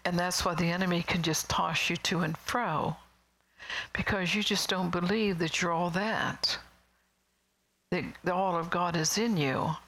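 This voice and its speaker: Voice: medium pitch, steady tone, a little slow, fairly bright tone, low-quality recording. A middle-aged preacher giving a sermon in a rambling, conversational way, with chuckling asides and whispered emphasis.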